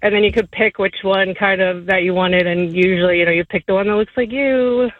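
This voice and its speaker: A woman in her forties calling in to a radio show, chatting in a relaxed, slightly hesitant way. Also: medium pitch, fairly quick, no echo, narrow, tinny audio. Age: 40s. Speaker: caller. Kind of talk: phone-in chat.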